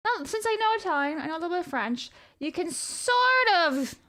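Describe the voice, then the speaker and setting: A woman's voice: very high voice, animated, a little fast, fairly bright tone. A woman livestreamer chatting casually and reading viewer messages aloud. She rambles, jokes and swears freely. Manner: rambling and profane, reads chat aloud. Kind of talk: casual live stream chat.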